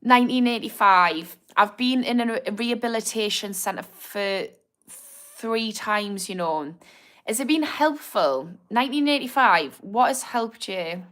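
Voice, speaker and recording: A woman's voice: mid-range voice, expressive, a little slow, a bit bright. Chatty Geordie woman on a livestream. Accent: Geordie with a slightly posh edge. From Newcastle, England. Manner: frank and chatty, swears freely, reads comments aloud. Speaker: livestream host answering viewer comments. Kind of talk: casual live-stream chat.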